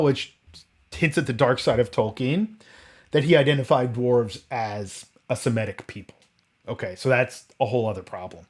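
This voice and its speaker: Man musing at a midpitch, full of tangents. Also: medium pitch. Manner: rambling, full of tangents and rhetorical questions; frequent restarts and self-corrections. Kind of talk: casual roundtable chat.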